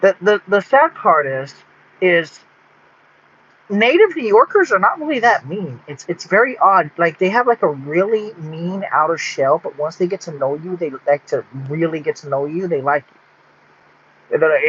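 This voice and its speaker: A man from Texas talks to his camera in a loose, rambling way, restarting his sentences as he goes. His voice sits a bit high for a man and has a husky edge. The recording sounds dull and lo-fi. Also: normal speed, a bit bright. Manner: rambling, with many restarts and fillers. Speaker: vlogger. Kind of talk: rambling casual monologue.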